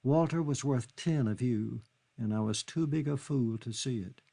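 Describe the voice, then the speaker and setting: A man's voice: medium pitch, moderate pace, gravelly, mellow. A man reading an audiobook, voicing a grief-stricken young Englishwoman who sobs, pleads and lashes out. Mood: anguished. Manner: sobbing, pleading, furious.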